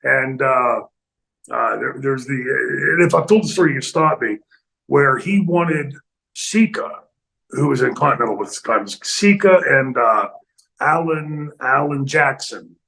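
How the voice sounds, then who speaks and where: Gravelly man telling animated stories. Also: mid-range voice, unhurried, low-quality recording. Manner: animated, acts out other people's lines, laughs often. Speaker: retired pro wrestler guest telling stories. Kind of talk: casual storytelling in a podcast interview. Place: studio.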